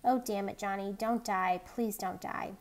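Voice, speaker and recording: A woman's voice: mid-range voice, steady tone, a little slow, natural voice. Woman reading as a tough teenage greaser boy. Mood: pleading. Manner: blunt and streetwise. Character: tough teenage male greaser, hard and reckless.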